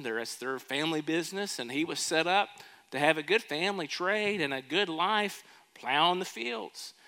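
A man's voice: fairly high pitch, pushed and bright. A man preaching a sermon as pastor in a church, telling a story and asking the congregation questions. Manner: storytelling, asks the crowd questions. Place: church sanctuary. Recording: long church reverb.

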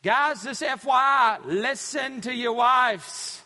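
Male pastor, bright, high and animated voice, sermon in a reverberant church hall. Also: takes it slowly. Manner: preachy, repetitive emphasis with many fillers.

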